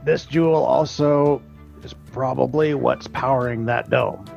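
Strax, a man voicing him, slow and gravelly. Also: medium pitch, a little mellow, muffled recording, soft background music. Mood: pondering. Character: Strax, a scheming party member. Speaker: player. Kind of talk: tabletop role-play in character.

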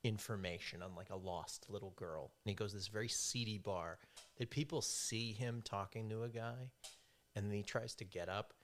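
A man's voice: lowish voice, steady tone, normal speed, fairly bright tone. A man in casual podcast chat, telling rambling stories and joking along.

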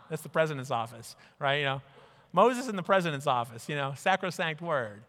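A man giving an animated conference talk, telling stories and putting on mock voices for people he quotes. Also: on the high side, a little fast. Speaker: speaker. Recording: reverberant hall.

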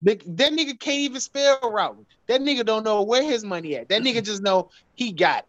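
A man's voice: high voice, expressive, a little fast, dry recording. Casting: male guest, heated profane rant, dry dull sound. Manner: loud, profane, heated ranting. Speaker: podcast guest. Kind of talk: casual chat.

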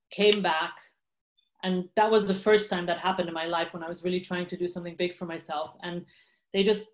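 A woman guest in an interview, talking candidly with frequent laughs and restarts. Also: on the low side. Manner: candid, laughs often, many fillers and restarts. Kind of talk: casual interview talk.

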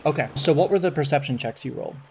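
A man narrating a tabletop game as game master in a relaxed, descriptive way with many fillers. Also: fairly high pitch, fast, creaky, a little hiss or hum.

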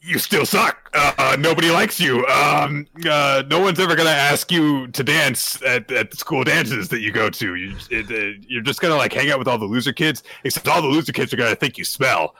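A man's voice: mid-range voice, normal speed, gravelly, few pauses, bright, forceful tone, dry recording, low-quality recording. A man voicing a sneering male alien spirit who mocks a boy with stumbling schoolyard taunts. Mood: taunting.

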